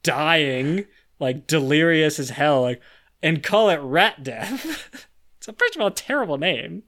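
A man's voice: on the high side, expressive, fairly bright tone. A young man co-hosting a podcast, chatting casually and laughing about a book. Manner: laughing, joking, quick asides. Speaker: podcast co-host. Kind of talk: casual book discussion chat.

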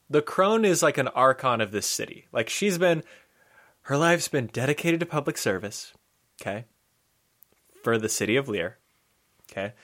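A man chatting casually as game master about a tabletop session, quick and joking as he defends his story. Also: mid-range voice, fairly bright tone.

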